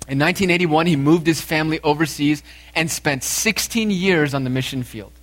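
A man preaching a sermon, lively and animated, acting out the dialogue as he tells it. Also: fairly high pitch, normal speed. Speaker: pastor.

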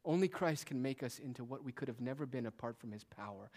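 A male pastor preaching a sermon in a church, swinging between quiet, hushed lines and raised, emphatic ones. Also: mid-range voice, fairly quick, hardly any pauses.

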